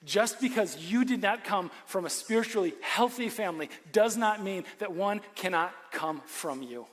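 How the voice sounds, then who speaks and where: High-voiced animated preacher in a big hall. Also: male voice, moderate pace. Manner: animated, swings from loud to hushed, joking asides. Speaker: pastor. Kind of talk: sermon. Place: church. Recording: long hall reverb.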